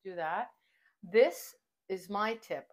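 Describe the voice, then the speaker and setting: A woman's voice: medium pitch, slow pace. A middle-aged woman hosting a casual home cooking vlog from her kitchen, chatty and enthusiastic as she shares kitchen tips. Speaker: cooking channel host.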